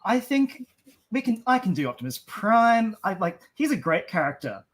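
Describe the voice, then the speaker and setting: A man's voice: high-pitched, big pitch swings, moderate pace. A man hosting a live stream and drawing for viewers, chatty and upbeat, often tripping over his words. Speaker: stream co-host and artist. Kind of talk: casual live-stream chat.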